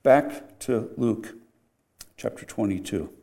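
A man's voice: fairly low pitch, slow, vocal fry. Older male pastor preaching animatedly. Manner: animated, wry, swings between loud emphasis and quiet. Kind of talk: sermon.

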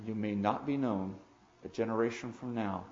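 A man preaching a sermon as pastor, swelling suddenly loud for emphasis and slowing to stress key words. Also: fairly low pitch, reverberant, highs cut off, a little hiss or hum.

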